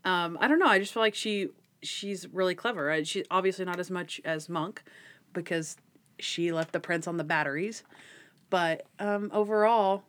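Young female podcast co-host; casual, lively storyteller who acts out scenes. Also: fairly low pitch, normal speed. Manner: animated retelling, acts out scenes, laughs a lot. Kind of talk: casual chat recapping a TV episode.

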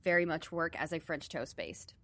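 A woman's voice: sits low, moderate pace, a bit bright, no echo. A woman co-hosting a casual food podcast, wry and teasing with mock-dramatic jokes. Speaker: podcast co-host. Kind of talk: casual chat.

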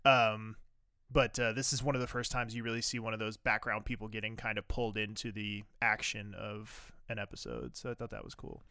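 A man co-hosts a casual podcast, recapping a TV drama. His voice is bright and crisp, recorded dry and close. He rambles eagerly, full of "like" and "uh". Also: on the low side, fairly even intonation, fairly quick, dry recording. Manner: enthusiastic, rambling with many fillers. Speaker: podcast co-host.

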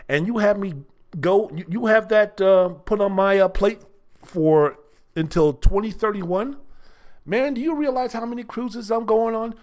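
Blunt, rambling older male sports host. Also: high voice. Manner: rambling, blunt, profane, many fillers. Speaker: sports talk show host. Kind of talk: casual solo sports commentary.

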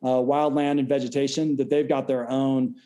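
A man in his thirties from California, a podcast guest talking in a measured, explanatory way and trailing off at the ends of sentences. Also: mid-range voice, level tone, warm tone. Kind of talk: casual interview chat.

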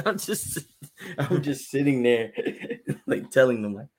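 Young man, casual storyteller; animated, laughing, acts out both sides of a call. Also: mid-range voice, slow pace, husky. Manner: animated, laughs a lot, acts out phone calls. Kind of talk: casual chat.

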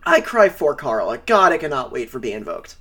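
A man co-hosting a podcast, chatting casually in an excitable, profane, enthusiastic way. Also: mid-range voice, brisk. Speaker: podcast co-host. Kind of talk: casual chat.

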